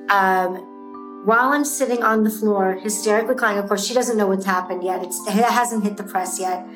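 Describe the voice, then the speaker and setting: A woman in her fifties, an entrepreneur guest, telling her story intensely and emphatically, repeating lines for force. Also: mid-range voice. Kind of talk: emotional personal storytelling. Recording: roomy echo with faint music.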